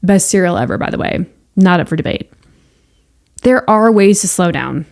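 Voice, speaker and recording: A woman's voice: fairly low pitch, expressive, normal speed, gravelly, a little mellow. A woman hosting a casual solo podcast who also cares for patients. She talks in a chatty, playful and reassuring way. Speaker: podcast host; healthcare worker with patients.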